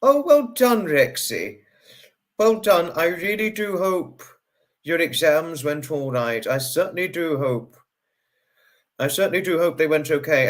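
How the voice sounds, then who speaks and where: A man hosting a livestream, effusively greeting viewers and repeating his hellos over and over. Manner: pitch swings up and down sharply. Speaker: livestream host.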